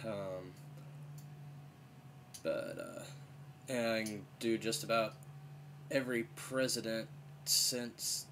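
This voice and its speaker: A man's voice: lowish voice, expressive, extremely slow, creaky, long pauses, a bit bright, slight background noise. A man chatting casually in a vlog about doing voices, rambling with lots of fillers while fighting a slight head cold. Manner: rambling, full of "you know" and "uh". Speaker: vlogger and impressionist. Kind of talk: casual chat.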